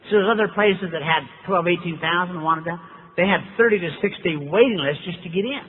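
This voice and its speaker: A man's voice: high-pitched, a little fast, husky. Wry storytelling man on a tinny hall tape. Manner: wry, conversational, acts out quoted people. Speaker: recovery meeting speaker. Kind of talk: humorous personal storytelling to an audience. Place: large meeting hall. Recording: lo-fi phone-like tape with hall echo.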